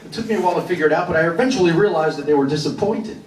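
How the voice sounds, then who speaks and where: A man's voice: fairly high pitch, racing. A man from New York telling a wry, self-mocking story on a club stage, acting out other people's voices. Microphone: stage microphone heard from the room. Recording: roomy live club recording from far off. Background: loud crowd laughter and club noise.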